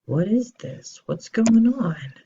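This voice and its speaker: A man's voice: high voice, big pitch swings, takes it slowly, vocal fry, mellow, muffled recording, slight background noise, voice pushed up, full character voice. A male teacher voicing a resentful older brother who complains about unfair treatment, in a story told to children. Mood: indignant. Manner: complaining, exasperated. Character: indignant resentful older brother, young man.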